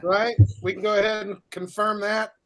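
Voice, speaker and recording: Joking male co-host, higher voice. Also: level tone, moderate pace, bright, forceful tone. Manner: jokey, crude, plugs the show. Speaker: podcast co-host. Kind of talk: casual podcast chat.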